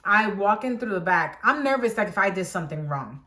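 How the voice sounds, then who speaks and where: This young woman vlogger, mid-range in pitch and talking a little fast, brings a personal story time to life by acting out what everyone said.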